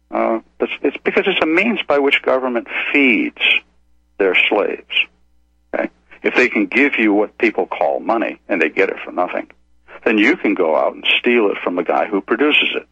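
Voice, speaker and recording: A man's voice: fairly low pitch, breathy edge, no room sound. An older man hosting a radio program, giving an emphatic, lecturing monologue with frequent asides like "okay?", on a dull, muffled radio recording. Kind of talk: opinionated monologue on economics.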